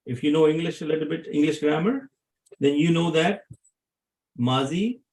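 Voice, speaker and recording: A man's voice: a little high, moderate pace, a little mellow, rough recording. A man teaching Arabic grammar to a class, often asking his students questions to check they follow.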